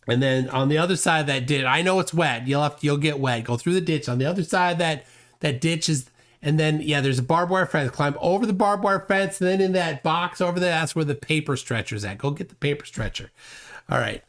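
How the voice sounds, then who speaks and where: Male streamer, fairly high voice, mocking and sarcastic commentary. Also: fairly quick, a bit bright. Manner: mocking, sarcastic, acts out mock dialogues. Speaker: host.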